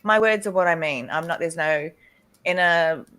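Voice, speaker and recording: A woman's voice: fairly low pitch, normal speed, fairly bright tone, smooth. A woman in a recovery meeting, speaking candidly and rambling a little, laughing now and then. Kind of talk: casual recovery group chat.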